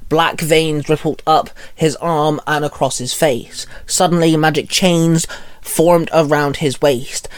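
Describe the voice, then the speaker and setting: A man's voice: fairly high pitch, fairly even intonation, takes it slowly, clean tone. A man narrating a fan-written story, reading plainly with small stumbles and lightly voicing the characters.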